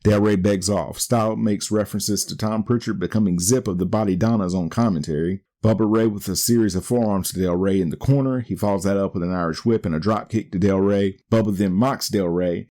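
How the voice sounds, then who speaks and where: A man hosting a podcast, recapping an old wrestling show in a steady play-by-play way. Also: fairly low pitch, brisk, few pauses. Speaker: podcast host.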